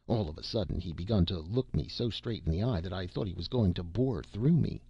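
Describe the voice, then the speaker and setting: A man's voice: deep voice, brisk, hardly any pauses, mellow, husky, dry recording, dull audio. A man reading a classic satire aloud in a folksy first-person storytelling manner with rustic grammar. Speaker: narrator.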